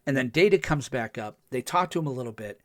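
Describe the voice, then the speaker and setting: Chatty podcast host recapping an episode. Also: male voice, mid-range voice, lively intonation, quick pace, dry recording, clean studio sound. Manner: rambling, enthusiastic recap with many fillers.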